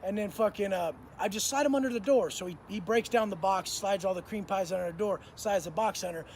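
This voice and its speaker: A man's voice: high-pitched, brisk, darkish tone, slight background noise. A man in his thirties telling prison stories in a blunt, profane, slang-heavy way. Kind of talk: casual storytelling to camera.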